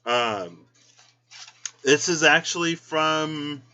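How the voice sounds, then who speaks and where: A man chatting casually in a vlog as a tarot reader, openly emotional and choked up, breaking into high squealed quotes of his own reactions. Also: very slow, pushed and bright.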